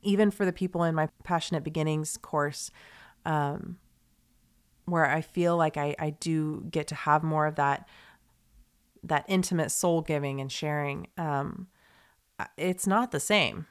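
A woman's voice: deep voice, fairly even intonation, unhurried, clean tone. Earnest young woman podcast host. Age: young adult. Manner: earnest, rambling, with many fillers and restarts; emotional, confiding. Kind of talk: heartfelt podcast monologue.

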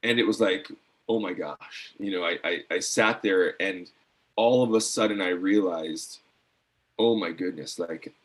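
Husky-voiced man telling an earnest story. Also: sits low, normal speed, a bit bright. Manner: earnest, many fillers and restarts. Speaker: guest, former decathlete. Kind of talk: casual storytelling interview.

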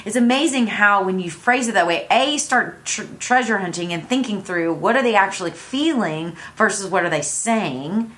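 A woman co-hosting a casual podcast, giving relationship advice in an animated way and acting out the phrases she quotes. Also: medium pitch, moderate pace, few pauses.

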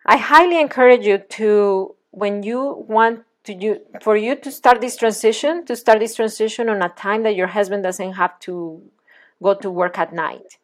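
A woman parenting coach leading a one-on-one session in a gentle, guiding, reassuring manner. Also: mid-range voice, normal speed.

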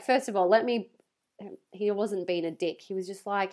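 A woman's voice: mid-range voice, moderate pace. A young woman hosting a podcast, talking candidly and animatedly, swearing freely and acting out what people said, her nose stuffy from crying. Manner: candid, sweary, animated retelling with voiced quotes. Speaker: podcast host. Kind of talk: casual personal monologue.

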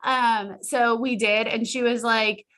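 Guest: young woman, bright voice, a touch high, chatty and laughing as she tells it. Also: flat delivery, takes it slowly. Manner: chatty, laughs often, frequent "like" fillers. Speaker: physical therapist and former patient, podcast guest. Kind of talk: casual chat.

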